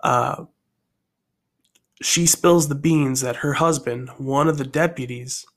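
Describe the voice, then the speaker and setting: A man casually telling his own story idea aloud, rambling and thinking out loud as he goes. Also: mid-range voice, steady tone, takes it slowly.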